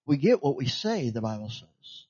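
A man's voice: mid-range voice, big pitch swings, normal speed, darkish tone, dry recording, lo-fi sound. A man preaching a sermon in an emphatic, repetitive way, tossing questions out to his listeners for them to finish.

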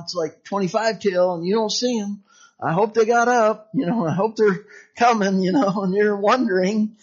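A man preaching an informal sermon in a chatty, conversational way, peppered with "you know", chuckles and acted-out dialogue. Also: sits high. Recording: dull lo-fi sound.

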